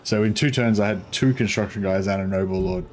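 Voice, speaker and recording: A man's voice: on the low side, a little fast, a little hiss or hum. A man giving casual, rambling gameplay commentary as a streamer, with plenty of fillers. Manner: relaxed, rambling, many fillers.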